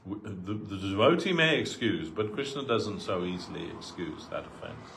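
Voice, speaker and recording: A man giving a relaxed sermon through personal anecdotes, talking in an easygoing way with frequent asides. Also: on the low side, normal speed, gravelly, slight background noise. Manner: conversational, full of asides, acts out quoted voices. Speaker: devotee giving a talk. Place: temple hall.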